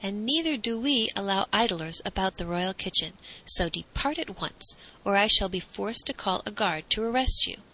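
A woman voicing a rough, bossy male palace servant in a storybook reading. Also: mid-range voice, expressive, moderate pace, few pauses, sharp tone. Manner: rough, commanding.

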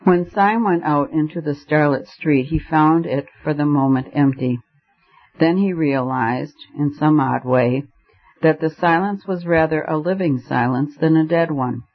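A man narrating a classic novel with measured, expressive storytelling. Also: on the high side. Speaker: audiobook narrator. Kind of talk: scripted narration. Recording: slightly muffled lo-fi audio.

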